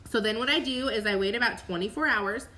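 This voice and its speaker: A woman's voice: a little high, quick pace, bright, forceful tone, a little hiss or hum. A woman, chatting casually as she teaches her sales follow-up method, upbeat and full of fillers. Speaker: network marketing coach. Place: recorded at home for a replay.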